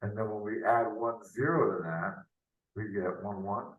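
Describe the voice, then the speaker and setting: A man's voice: on the low side, moderate pace, narrow, tinny audio. A man tutoring math in a loose, unscripted lesson, thinking aloud and often ending with tag questions, heard over a video call. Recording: roomy, from off the mic.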